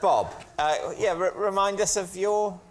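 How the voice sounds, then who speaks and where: A man on a comedy panel show, teasing the other guests with quick-witted questions. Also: sits high, background noise.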